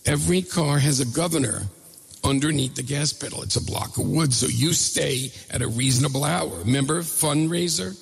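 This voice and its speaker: Man playing a gravelly, pushy race coach in a reverberant hall. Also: on the high side, normal speed, exaggerated voice. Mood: explaining. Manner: instructing, reassuring. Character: calm adult male race coach guiding by voice.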